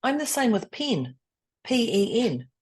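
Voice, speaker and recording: A woman chatting playfully on a podcast, animated and laughing a lot. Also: on the high side, a little slow, husky. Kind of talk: casual podcast chat.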